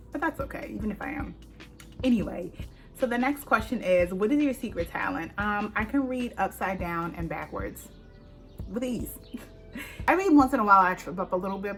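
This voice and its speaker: A woman with a fairly low voice chats through a casual Q&A vlog, full of ums and little laughs. Faint music plays softly behind her. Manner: chatty, filler-heavy, laughs often. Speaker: YouTuber.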